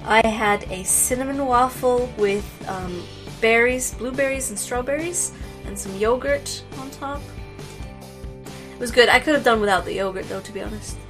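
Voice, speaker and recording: A woman co-hosting a let's play, chatting casually and reading game text aloud in a playful, deadpan way. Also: a little high, normal speed, music in the background, poor audio.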